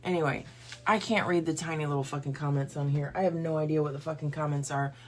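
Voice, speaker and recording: A woman's voice: low-pitched, fairly even intonation, quick pace. A woman, hosting a livestream and ranting bluntly and profanely before a Bible reading. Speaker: livestream host. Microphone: phone or computer livestream.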